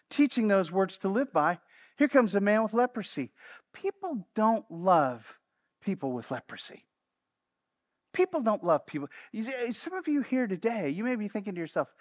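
A male pastor preaching a sermon, swinging between loud declarations and hushed asides and returning to a repeated refrain. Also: high voice. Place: church service.

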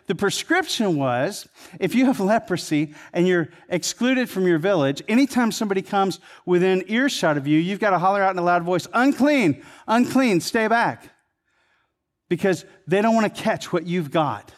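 High-voiced man preaching a conversational sermon. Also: animated, moderate pace. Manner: conversational preaching, rising to emphatic peaks then dropping low. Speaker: pastor.

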